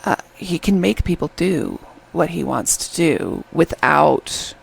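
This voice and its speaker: Middle-aged woman chatting about a drama, low gravelly voice, kinda husky, acts out the characters as she goes. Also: very animated, slow pace, a little hiss or hum, rough recording. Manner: chatty, retells scenes and quotes characters. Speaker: drama reviewer. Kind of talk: casual review chat.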